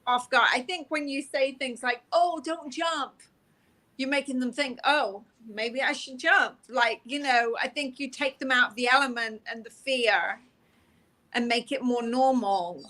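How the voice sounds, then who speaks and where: A woman's voice: fairly high pitch, fairly even intonation, moderate pace, sharp tone. A middle-aged woman from England, a police officer, chatting and laughing as she tells her stories in an interview. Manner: chatty, self-deprecating, laughs while telling stories. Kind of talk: casual interview storytelling.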